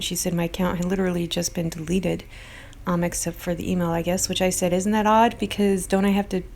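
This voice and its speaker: Female vlog host with a gravelly voice, casual and earnest, a bit defensive. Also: on the low side, a little mellow. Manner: rambling, earnest, defensive toward critics. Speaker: video host.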